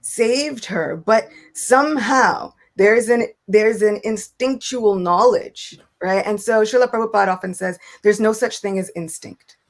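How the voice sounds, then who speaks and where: A young woman speaking as a guest in a casual spiritual talk. She tells stories in an animated way and slips into the voices of the people she quotes. Her voice sits at a middle pitch. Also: measured pace, hardly any pauses.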